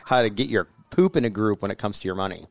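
A man's voice: lowish voice, fast, dry recording, studio quality. A man co-hosting a podcast, joking in casual chat and laughing easily. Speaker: podcast co-host.

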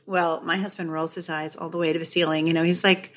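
A middle-aged woman, a guest author on a podcast, telling a story with lively energy and acting out the voices of others. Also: low-pitched, fast talker, hardly any pauses. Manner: animated storyteller, acts out quoted voices.

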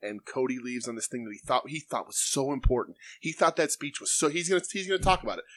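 A man's voice: medium pitch, expressive, quick pace, a bit bright. A man co-hosting a podcast in casual chat, mocking and profane, laughing often. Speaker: podcast co-host.

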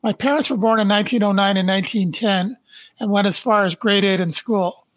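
An older man from Canada, a podcast guest who speaks slowly and deliberately, stressing his points and then reading his life story aloud. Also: high-pitched, fairly bright tone, no echo, highs cut off. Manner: slow, deliberate and emphatic.

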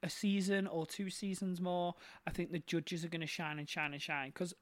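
A man's voice: high voice, little pitch movement, normal speed, no room sound. A man appearing as a drag performer guest on a podcast, chatting casually and often laughing while he talks.

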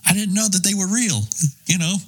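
Husky-voiced middle-aged former radio man. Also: high-pitched, brisk, low-quality recording. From Boston and New York. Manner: easygoing, seasoned raconteur. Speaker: podcast guest, former radio host. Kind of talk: casual storytelling.

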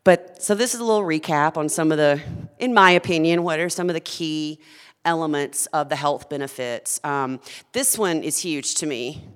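A woman's voice: deep voice, normal speed, smooth, in a large hall. A woman who founded a food company, talking earnestly and with passion as a guest in a conversational interview.

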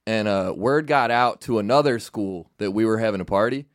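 A man's voice: on the low side, brisk, no echo, studio quality. A man guest comedian telling a long story on a casual podcast, with many fillers and restarts. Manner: rambling, filler-heavy storytelling.

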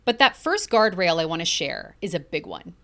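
Woman podcast host, middle-aged, earnest and emphatic, lively pitch. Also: moderate pace, creaky. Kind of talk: motivational podcast monologue.

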